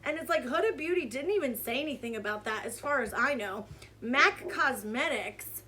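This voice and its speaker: A woman with a high, bright voice rants through a casual commentary vlog. She is heated and sarcastic. Her tone stays sharp and lively throughout. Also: normal speed, a little hiss or hum. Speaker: commentary vlogger.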